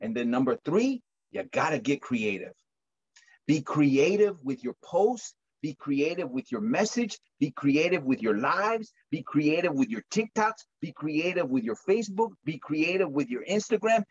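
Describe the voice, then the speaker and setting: A man giving an energetic motivational pep talk on solar sales over a video call, acting out customer chats with lively bursts. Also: fairly high pitch, moderate pace, breathy edge, lo-fi sound.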